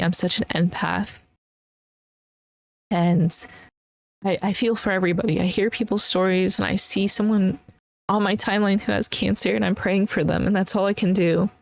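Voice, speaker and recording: Young female solo podcaster, lowish voice, heartfelt and encouraging, casual delivery. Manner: earnest, emotional, encouraging. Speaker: podcast host.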